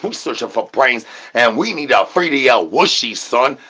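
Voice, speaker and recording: A husky-voiced man barrels through an absurd comedy rant, stacking rhyming nonsense slang and stammering over repeated words. He breaks out shouted catchphrases along the way. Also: medium pitch, animated, moderate pace. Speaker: comedy channel host.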